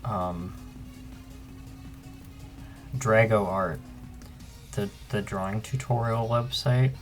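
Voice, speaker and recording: Slow, rambling young man. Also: fairly low pitch, soft background music. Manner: relaxed, rambling, frequent ums. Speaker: artist and channel host. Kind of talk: casual sketchbook flip-through commentary.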